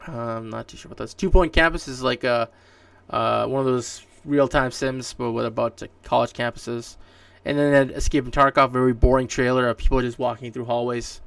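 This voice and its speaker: His mid-range voice has vocal fry and a fairly bright, clear, resonant tone, with fairly even intonation and a slightly fast pace. This Canadian man hosts a solo podcast, rambling casually about gaming news with many fillers and restarts, recorded on a distant mic in a dry room with no room sound.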